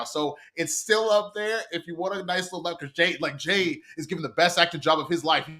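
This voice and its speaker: A man's voice: on the high side, brisk, bright, forceful tone. Teasing male podcast co-host. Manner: teasing storyteller. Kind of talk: casual podcast chat.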